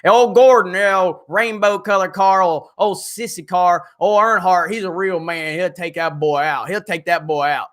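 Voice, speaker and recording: A man putting on a boastful, rambling Southern good-ol'-boy with an Alabama accent, his voice hoarse. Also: high voice, steady tone, moderate pace, few pauses, a bit bright.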